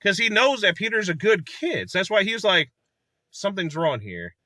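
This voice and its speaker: Bright-voiced enthusiastic male movie reviewer. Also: high-pitched, expressive, brisk, no room sound. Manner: rambling, enthusiastic, laughs often, acts out movie lines. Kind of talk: casual movie review chat.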